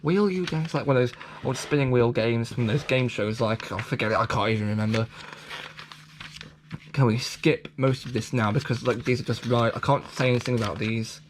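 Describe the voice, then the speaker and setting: A man talks his way through a toy catalogue in loose, rambling commentary. He trips over restarts and keeps apologising for his own jokes. His voice sits at an ordinary middle pitch over a faint home hiss. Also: steady tone, fairly quick. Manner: rambling, stumbling restarts, self-deprecating asides. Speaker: vlogger reviewing a toy catalogue.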